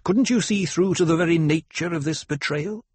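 A man voicing a young noble male leader who speaks with intense, quiet command, with a husky voice. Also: on the high side, normal speed, no room sound, voice pushed up. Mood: reproachful.

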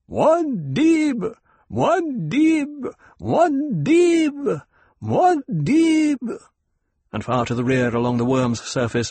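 A man reading a novel aloud in a measured, even narrating manner. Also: mid-range voice, husky, dry recording. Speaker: audiobook narrator. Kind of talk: scripted narration.

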